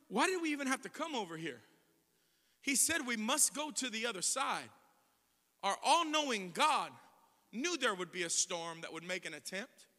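High, bright-voiced preacher in an echoey hall. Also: male voice. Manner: animated storytelling, acting out voices, building to shouted proclamations. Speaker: pastor. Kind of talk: sermon.

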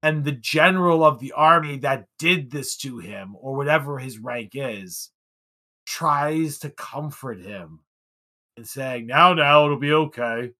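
A man co-hosting a podcast, chatting casually about an old film, often restarting sentences with sudden lifts in emphasis. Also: slow. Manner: animated, restarts a lot, pitch jumps for emphasis. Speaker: podcast co-host.

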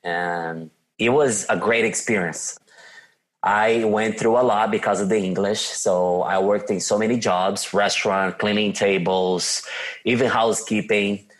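A man in his forties with a Brazilian Portuguese accent, a podcast guest telling his life story in an animated way and acting out quotes. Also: fairly low pitch, unhurried. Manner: animated, laughs often, acts out quotes. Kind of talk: personal storytelling in a podcast interview.

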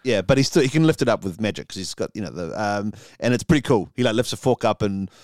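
Man, comedy podcast co-host, improvised storytelling, smooth resonant voice, dry sound. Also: on the low side, animated, a little mellow, dry recording. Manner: halting, many ums, laughs at own jokes.

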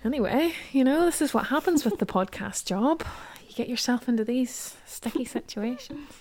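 A woman's voice: a little high, normal speed, a little hiss or hum. Northern Irish woman telling stories. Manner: storytelling, animated. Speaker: podcast co-host. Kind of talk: casual podcast chat.

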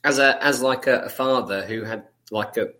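A man's voice: medium pitch, moderate pace, bright, forceful tone. A middle-aged man co-hosting a casual podcast, laid-back and given to chuckling asides. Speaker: podcast co-host. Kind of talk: casual chat.

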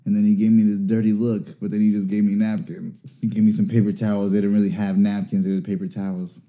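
Young man, very dark mellow tone, profane and self-mocking, casual storyteller. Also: fairly low pitch, flat delivery, quick pace.

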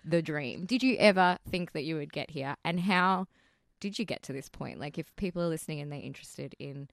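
A woman's voice: low voice, a little fast, vocal fry, no room sound, studio quality. A woman hosting a podcast, teasing and playful as she asks her guest questions. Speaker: podcast host. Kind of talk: casual chat.

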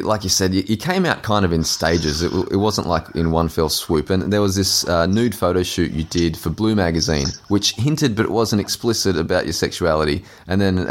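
Deep-voiced young male podcast host. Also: slight background noise. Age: young adult. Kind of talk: interview questions.

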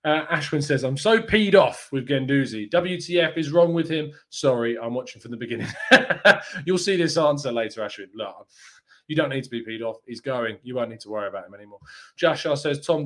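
A man hosts a football fan show live and talks in a loose, chatty way. His voice sits at an ordinary middle pitch and his delivery is upbeat. He answers viewer comments as he goes. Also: a bit bright. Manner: chatty and upbeat, with frequent fillers and quick laughs.

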